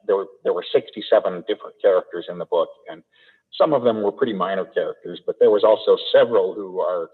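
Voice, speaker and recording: A man's voice: fairly low pitch, breathy edge. A man with an Idaho American accent, an audiobook narrator, answering interview questions in an easygoing way with frequent chuckles and restarts. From Idaho, USA. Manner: easygoing, chuckling, repeats words when starting. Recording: tinny call audio echoing in a hall.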